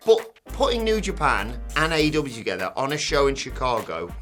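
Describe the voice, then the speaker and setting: Bright-voiced man in casual banter. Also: mid-range voice, wildly swooping pitch, fairly quick, faint music behind. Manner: joking, banters with co-host. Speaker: wrestling news co-host. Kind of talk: casual chat.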